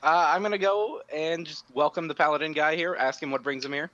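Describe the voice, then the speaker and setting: A young man playing a tabletop game, speaking in a hesitant, halting way. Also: on the high side, fairly even intonation, a bit bright, dull audio. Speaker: player. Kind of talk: casual tabletop game play.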